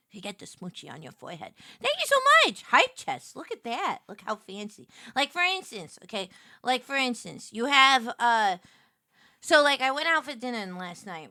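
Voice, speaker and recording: A woman streamer chatting casually and joking, swinging between loud squeals and quiet murmurs. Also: on the high side, smooth, dry recording, studio quality. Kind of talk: casual live-stream chat.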